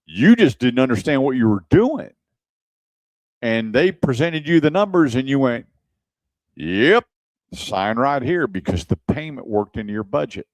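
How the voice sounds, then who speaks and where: A man hosts a radio show from a studio and keeps the talk casual while he recounts customer stories. He acts out both sides of each exchange, and his voice sits at an ordinary male pitch. The sound is close and dry. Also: darkish tone, no echo, poor audio. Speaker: radio show host and car advisor.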